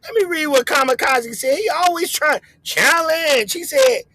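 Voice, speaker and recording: A man from the US West Coast hosts a loose reaction livestream, talking in slang and rambling with frequent repeats. His voice is extremely high-pitched, pushed, and bright at a measured pace, and the recording quality is low.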